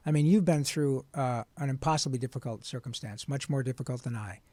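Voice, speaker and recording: A man, a voice actor, telling his story in an interview in an earnest, animated and frank way. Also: medium pitch, fast talker, few pauses, dry recording. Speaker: guest voice actor.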